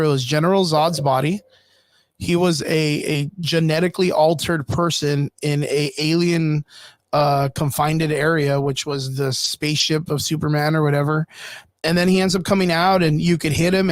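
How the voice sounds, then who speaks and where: A man's voice: on the high side, no echo. Rambling, cursing man on a podcast. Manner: rambling, profane, animated fan rant. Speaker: podcast co-host. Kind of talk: casual chat.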